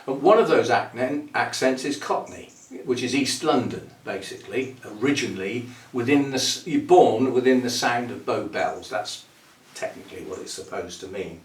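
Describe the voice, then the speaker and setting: A man's voice: mid-range voice, expressive, normal speed, echoey room, far from the mic. A man from the UK hosting a channel, chatting casually and playfully and chuckling at his own wordplay. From United Kingdom. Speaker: orchid channel host. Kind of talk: casual rambling chat to camera.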